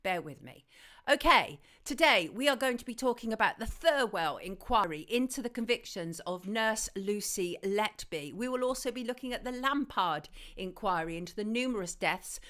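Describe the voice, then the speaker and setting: A woman hosting a live stream, greeting viewers and reading their messages in a chatty, affectionate way, her throat slightly hoarse. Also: mid-range voice, expressive, moderate pace, a bit bright. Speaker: host. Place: home studio in southwest London.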